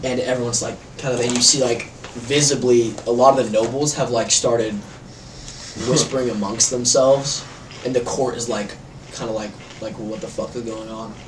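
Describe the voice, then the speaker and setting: A man's voice: mid-range voice, fairly even intonation, moderate pace. A man narrating a tabletop game as game master, rambling with many fillers. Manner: rambling, heavy use of "like" fillers. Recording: echoey room, distant mic, faint noise.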